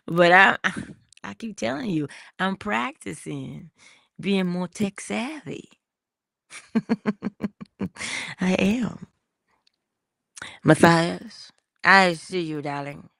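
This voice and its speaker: A woman hosting an inspirational livestream, talking slowly and intimately, dropping into whispers at times and greeting viewers in the chat. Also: lowish voice, lively intonation, creaky, fairly bright tone, dry recording, clean studio sound. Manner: slow, intimate, drops into whispers. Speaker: motivational livestream host.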